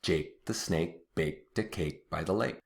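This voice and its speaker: A man teaching English pronunciation, patiently repeating words slowly and clearly. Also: sits low. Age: adult, watched TV as a kid in the 80s-90s. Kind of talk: slow, deliberate pronunciation lesson.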